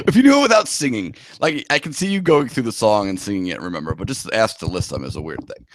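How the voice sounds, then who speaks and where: A hoarse man with a sore throat co-hosting a podcast, fond of jokes and quick to laugh. His voice sits on the low side and swings lively up and down. The sound is dry and close to the mic. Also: no echo. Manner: jokey, laughs often. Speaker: podcast co-host. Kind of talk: casual podcast chat.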